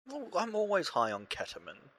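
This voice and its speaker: A man's voice: high-pitched, wildly swooping pitch, moderate pace, a bit bright. A young man co-hosting a podcast, joking in casual banter with a sardonic edge. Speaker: podcast co-host.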